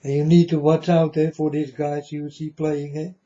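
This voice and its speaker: A man's voice: a little high, level tone, normal speed, warm tone, dull audio. Earnest man warning his folks. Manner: repetitive, earnest, addresses listeners as folks. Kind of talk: rambling spoken warning to viewers.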